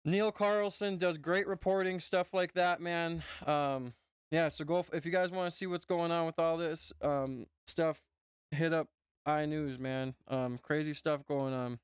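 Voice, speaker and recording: A man's voice: a little high, steady tone, unhurried, clear, resonant tone, no echo. A man with a North Dakota accent, a streamer giving loose, profane reaction commentary full of "bro" and "man".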